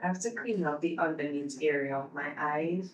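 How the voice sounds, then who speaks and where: A woman vlogger talking through her makeup routine in a relaxed, chatty, step-by-step way, her eyes teary. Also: low-pitched, roomy sound, recorded from a distance, rough recording. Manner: slow, chatty step-by-step instructions. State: teary-eyed. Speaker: beauty vlogger. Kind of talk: casual makeup tutorial talk.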